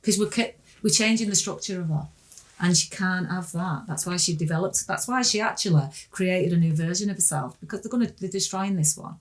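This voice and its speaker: A woman talks with a fairly low pitch. She tells her story bluntly and earthily, getting excited and acting out voices as a podcast guest. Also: brisk. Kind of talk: candid storytelling in conversation.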